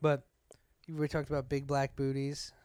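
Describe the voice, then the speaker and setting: Exasperated young man ranting, smooth voice. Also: mid-range voice, completely flat delivery, unhurried, darkish tone, no echo. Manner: exasperated, swearing, acts out quotes. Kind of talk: casual chat, ranting story.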